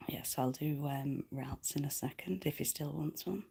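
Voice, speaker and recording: A woman with a low, gravelly voice hosts a casual livestream. She rambles, mocks herself and laughs easily as she talks to her viewers. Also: normal speed, hardly any pauses, dark tone. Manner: rambling, self-deprecating, laughs often. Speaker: livestream host reading cards.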